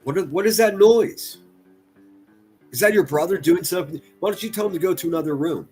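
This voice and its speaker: Soft music plays behind a man whose high, slightly mellow voice moves fairly quickly. He's a livestream host delivering crude, sarcastic reaction commentary and deriding what he plays.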